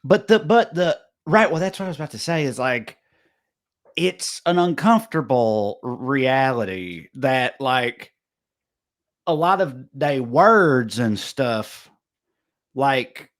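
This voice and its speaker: A man's voice: mid-range voice, expressive, takes it slowly. A man with a Southern US accent hosting a podcast, talking in a loose, rambling way with many restarts. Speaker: podcast host. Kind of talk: casual comedic chat.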